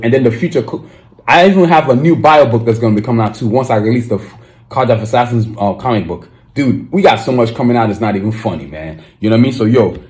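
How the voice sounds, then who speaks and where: A young man hosting his own podcast, talking casually and excitedly, with slang and frequent restarts. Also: medium pitch. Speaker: podcast host. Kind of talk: casual solo podcast monologue.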